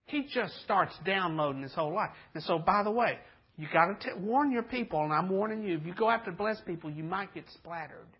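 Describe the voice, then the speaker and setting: A man with a high, husky voice preaches in a loose storytelling way, cracking jokes and slipping into the voices of the people he describes. The sound is a little dull and muffled. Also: expressive, a little fast. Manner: folksy and joking, acts out voices in stories. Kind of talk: storytelling sermon.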